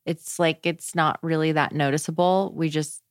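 A young woman with a low, smooth voice chats easily as a podcast guest. She tells stories in a loose, animated way, full of filler words. The sound is close and dry. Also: moderate pace, no echo. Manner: chatty, frequent "like" fillers, animated storytelling. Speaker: podcast guest, wellness practitioner. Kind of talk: casual conversational interview.

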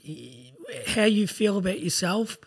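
A man's voice: high voice, expressive, measured pace, gravelly, husky. A man hosting a podcast interview, talking in a blunt, slangy way and swearing casually. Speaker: podcast host.

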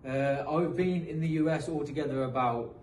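A man's voice: a little high, normal speed, a little mellow. Earnest British man, distant and roomy. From England. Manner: earnest, motivational, frequent restarts. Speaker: guest, professional footballer. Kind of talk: casual interview storytelling. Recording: roomy echo, distant mic, faint noise.

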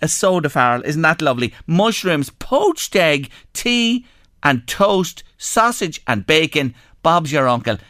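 Animated Irish radio host, man. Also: on the high side, a little slow, no room sound, studio quality. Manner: animated, chatty, curious. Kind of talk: lively radio chat, reading listener texts. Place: radio studio.

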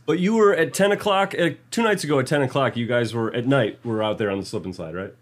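A man's voice: medium pitch, quick pace. A man co-hosting a podcast, chatting casually in a playful, teasing way and laughing often. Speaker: podcast co-host. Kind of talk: casual chat.

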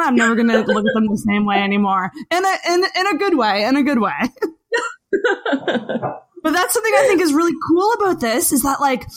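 A woman hosting a casual interview, enthusiastic and quick to laugh and gush. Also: high-pitched, fairly bright tone. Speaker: interviewer, podcast host.

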